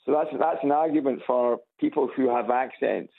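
A man with a Scottish Edinburgh accent, calling in to a radio show on a loudspeaker phone, chatting easily with some hesitant restarts. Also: medium pitch, fairly quick, creaky. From Scotland. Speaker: caller. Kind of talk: casual phone chat. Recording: tinny phone line on radio.

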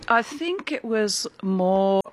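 A woman's voice: mid-range voice, lively intonation, takes it slowly. A middle-aged woman artist, interviewed in her studio, explaining her work in a thoughtful and earnest way. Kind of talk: interview answers.

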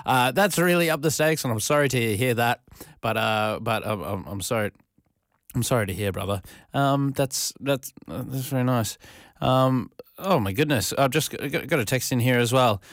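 A man's voice: mid-range voice, normal speed, no room sound. Chatty male radio host, dry sound. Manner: chatty, self-deprecating, reads out listener texts. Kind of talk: casual radio chat. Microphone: studio microphone.

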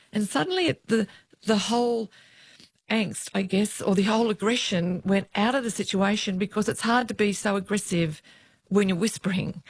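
A woman, a former police officer, telling lively stories about her work in an interview. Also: mid-range voice, dry recording. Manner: lively storyteller who acts out the voices of others.

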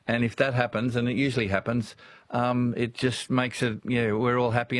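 A man's voice: mid-range voice, no echo. Older australian man, radio host, chatty, rambling, dry close sound. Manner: chatty, rambling, laughs often. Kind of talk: casual talkback radio chat.

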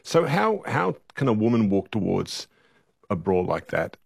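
Male interviewer, very low husky voice, measured questions, dry sound. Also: very animated, no echo.

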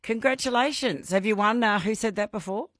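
Bubbly Australian female radio host, bright crisp tone, dry studio sound, runs a phone-in quiz. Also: on the high side, brisk, dry recording. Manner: bubbly, laughing often. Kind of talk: casual radio quiz chat.

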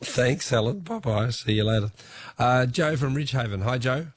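A man hosting a radio phone-in quiz, chatty and quick to laugh. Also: medium pitch, no room sound, studio quality. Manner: chatty, laughs easily, stumbles a little.

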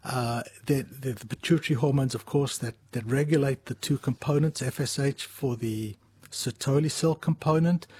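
A husky-voiced man speaking as a medical expert in an interview. He explains things in a measured, patient way, backing up and restarting now and then. His voice sits at a middling pitch, and the sound is dry and close. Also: a little mellow, dry recording.

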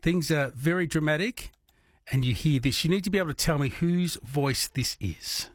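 An Australian man hosting a late-night radio quiz, chatty and animated. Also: fairly high pitch, normal speed, dry recording, studio quality. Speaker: radio host. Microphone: studio microphone.

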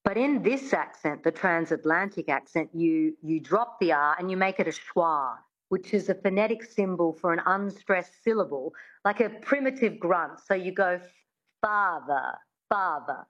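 A woman's voice: fairly low pitch, lively intonation, moderate pace, hardly any pauses, highs cut off. A woman working as a dialect coach, explaining how are taught and demonstrating sounds as she goes. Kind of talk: studio interview, teaching accents.

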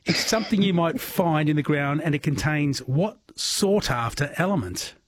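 An Australian man runs a phone-in quiz on overnight radio in a chatty, jokey way, cheering his callers on. His voice sits a little high and has a husky edge. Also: expressive, normal speed. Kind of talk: casual overnight radio chat.

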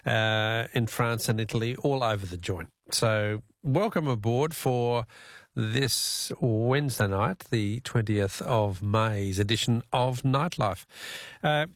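A man's voice: medium pitch, no echo, studio quality. A man hosting a late-night radio show, chatty and rambling with frequent fillers. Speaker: radio host. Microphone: studio microphone.

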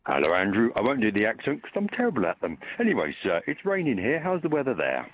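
A man's voice: on the low side, huge pitch swings, fast. A man from England with a Yorkshire accent, calling in to a radio show and chatting in a jokey way. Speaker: caller. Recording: tinny phone line.

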